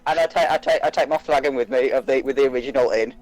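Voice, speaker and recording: A man's voice: medium pitch, quick pace, a little mellow, soft background music, low-quality recording. A man with a West Midlands English accent, playing a tabletop game from home, playful and hesitant with many restarts. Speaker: player. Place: home, online session.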